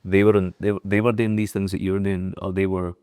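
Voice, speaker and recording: A man's voice: low voice, flat delivery, fast talker, a little mellow, clean tone, no echo, clean studio sound. A man hosting a podcast, asking follow-up questions and reacting briefly. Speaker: podcast host. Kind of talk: casual interview chat.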